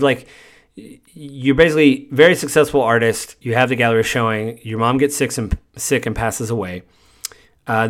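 A man's voice: medium pitch, a bit bright. A man hosting a podcast, casually recounting a video game's story in a meandering, conversational way. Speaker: podcast host.

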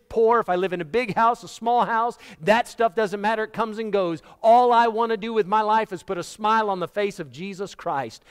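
Man preaching in an echoing hall. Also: high-pitched. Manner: dramatic storytelling, acting out quoted voices. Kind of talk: sermon. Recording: long hall reverb.

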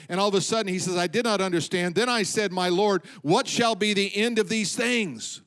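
High-voiced man preaching a sermon. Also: a bit bright, clear, resonant tone. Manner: emphatic preaching, slowing for stress and dropping low at line ends. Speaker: pastor.

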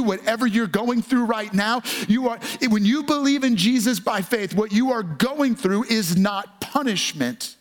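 Preaching as a pastor, this man sounds earnest and emphatic, easing his pace to stress the phrases that matter most. His voice sits high.

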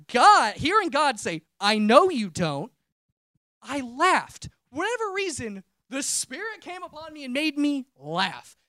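A man's voice: very high-pitched, sharp tone, no echo, clean studio sound. A man preaching a personal testimony, telling a story in a casual, conversational way and often breaking off and restarting his sentences. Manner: conversational storytelling, self-interrupting.

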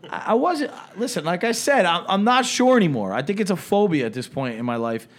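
Rambling, higher-pitched male storyteller. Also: animated. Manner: rambling, halting storyteller with many restarts. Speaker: podcast co-host telling a story. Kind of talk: casual chat.

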